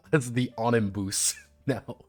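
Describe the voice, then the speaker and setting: A man's voice: medium pitch, slow pace, a little mellow, soft background music. A man streaming live, rambling and joking and swearing freely as he walks through a tabletop game book. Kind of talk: casual live-stream chat.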